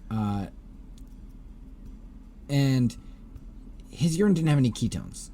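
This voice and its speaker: A man's voice: medium pitch, lively intonation, slow, mellow, a little hiss or hum. A man hosting a podcast, recounting a case in casual chat with frequent fillers. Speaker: podcast host.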